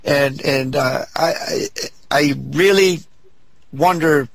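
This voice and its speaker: A man's voice: a little high, takes it slowly, dry recording. A man hosting a political talk show, speaking hesitantly and searching for his words.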